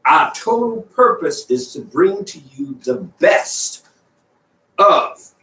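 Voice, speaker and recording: A man's voice: high-pitched, very animated, takes it slowly, bright, forceful tone, echoey room, distant mic, low-quality recording. Man, radio co-host, teasing banter, sits back from the mic. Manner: teasing, laughs often. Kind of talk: casual on-air banter.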